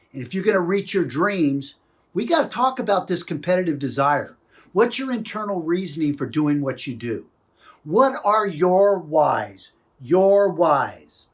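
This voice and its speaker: A man coaching through an emphatic motivational talk, pressing the viewer with repeated questions. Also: a little high.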